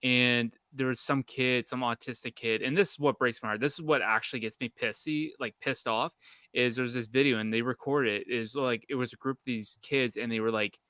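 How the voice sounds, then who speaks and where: A man's voice: medium pitch, fairly even intonation, a little fast, pushed and bright, clear, resonant tone, dry recording. A man from Canada hosting a casual podcast, rambling in a heated, profane way. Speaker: podcast host.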